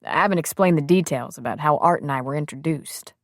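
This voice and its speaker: A woman's voice: low-pitched, brisk, no echo, clean studio sound. A woman voicing an earnest, protective man who speaks carefully and directly.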